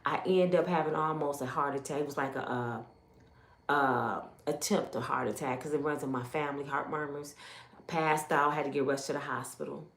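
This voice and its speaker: A woman's voice: sits low, steady tone, moderate pace, reverberant. A middle-aged woman from Michigan telling an emotional personal testimony, emphatic and full of quoted dialogue. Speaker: testimony speaker.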